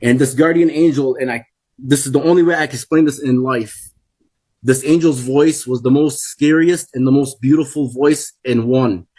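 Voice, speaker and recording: A man in his forties, speaking at normal speed in a mellow mid-range voice, appears as a guest giving a personal testimony. His first-person account is earnest and emphatic, and he repeats key phrases for weight.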